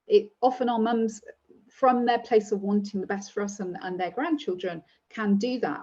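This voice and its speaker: A woman co-hosting a casual parenting podcast, giving gentle tips and laughing often. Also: mid-range voice. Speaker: podcast co-host. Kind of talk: casual chat. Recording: dull lo-fi sound.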